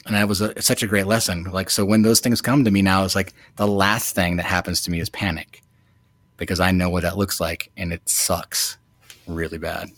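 A man in his thirties, a new father, telling a personal story in a reflective, halting way with many fillers. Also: low-pitched, flat delivery, fairly bright tone, no echo. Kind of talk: casual storytelling.

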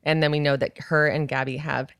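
A woman co-hosting a podcast, recapping a TV episode with deadpan, dry humor. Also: low voice, fairly quick, clear, resonant tone, dry recording. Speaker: podcast co-host. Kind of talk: casual chat recapping a TV episode.

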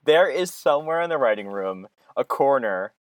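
A man's voice: mid-range voice, expressive, normal speed, dry recording. Man, podcast co-host, dry close recording, amused laughing asides. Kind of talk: casual chat.

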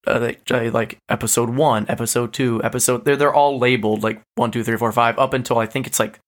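A man recaps a story on a podcast, his voice sitting at a middling pitch. He talks casually, full of fillers, and jumps into animated quoted lines. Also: brisk. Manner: animated retelling, many fillers. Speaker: podcast co-host. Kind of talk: casual chat.

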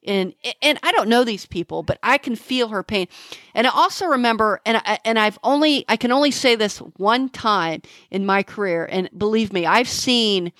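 A middle-aged woman, a homicide detective, telling the story of a case in an interview, halting and emotional, with many restarts. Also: on the high side, fairly bright tone, dry recording, clean studio sound.

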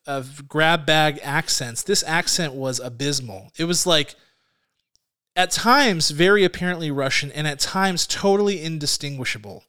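A young adult man co-hosting a casual movie review podcast, talking in an animated way with quick asides. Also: on the high side, clean tone. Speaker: podcast co-host.

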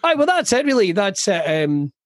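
Scottish comic, man, higher-pitched, dry close sound, swears and riffs. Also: sing-song, moderate pace, no echo. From Scotland (Ayrshire). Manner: swearing, jokey, self-mocking storyteller. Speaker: stand-up comedian, guest. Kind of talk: casual podcast chat.

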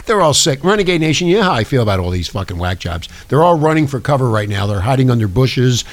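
A talk show host man with a swinging, animated voice at a middling pitch. He rants profanely and conspiratorially from a small studio. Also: quick pace, hardly any pauses. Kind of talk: casual talk show monologue.

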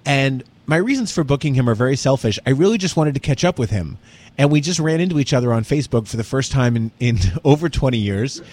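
A man's voice: mid-range voice, expressive, fast, a little mellow. A man hosting a comedy podcast in casual chat, playful and given to slipping into joking accents. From New York-based. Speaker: podcast host.

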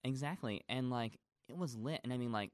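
A man's voice: medium pitch, a little fast, no echo, studio quality. A man in a casual chat, a stage actor talking at length, gushing and rambling with lots of fillers.

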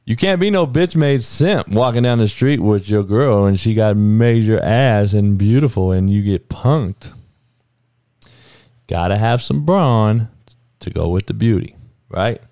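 A man's voice: fairly low pitch, a little slow, dry recording, studio quality. A man hosting a podcast, delivering a blunt, profane sports rant in casual talk. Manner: profane, blunt, animated rant with frequent cursing. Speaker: podcast host.

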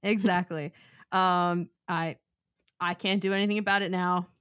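A woman's voice: on the low side, fairly even intonation, measured pace, fairly bright tone, smooth. A young woman in her twenties co-hosting a podcast, chatty and self-mocking, laughing often. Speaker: podcast co-host. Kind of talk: casual chat.

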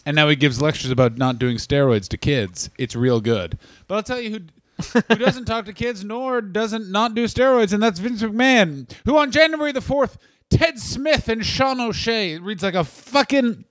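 A man co-hosting a comedy podcast in casual, profane, rambling chat that swings between loud and quiet. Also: high-pitched, normal speed, no echo, clean studio sound. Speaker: podcast co-host.

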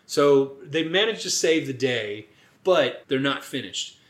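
A man co-hosting a podcast in casual chat, animated and swearing as he acts out lines from a movie. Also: mid-range voice, a little slow, reverberant. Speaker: podcast co-host.

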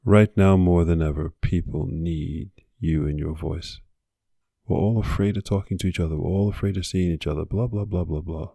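A man's voice: sits low, moderate pace, creaky, warm tone, breathy edge, no echo, clean studio sound. A man hosting a podcast, delivering an earnest motivational monologue with repeated exhortations. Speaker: podcast host.

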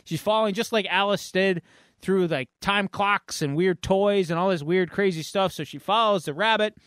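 High-voiced man rambling in casual chat. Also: normal speed, fairly bright tone, clean tone, dry recording, clean studio sound. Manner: rambling recap with many fillers and asides. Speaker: podcast host.

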